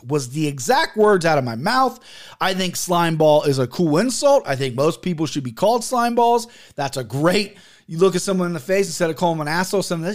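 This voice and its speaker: A man's voice: on the high side, quick pace. A man hosting his own podcast, talking casually and with a lot of swearing, telling stories and acting out the other people's lines. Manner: animated, profane, storytelling with voiced quotes. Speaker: podcast host. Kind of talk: casual solo podcast talk.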